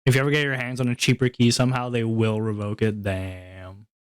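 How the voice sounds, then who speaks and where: A man's voice: on the low side, flat delivery, brisk, clean tone. A young man chatting casually on a livestream, rambling to his viewers with frequent laughs and swearing. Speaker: VTuber streamer.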